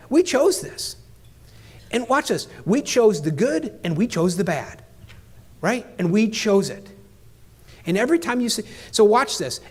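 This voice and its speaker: High-voiced, punchy motivational speaker man. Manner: punchy, energetic, talks straight to the audience. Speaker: keynote speaker. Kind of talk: motivational keynote talk.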